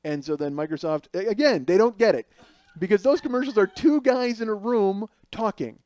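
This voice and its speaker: In a dry recording, a Chicago-area man hosting a podcast uses a high, darkish voice at moderate speed. He spins a loose, sarcastic comedic riff crowded with false starts and tangents.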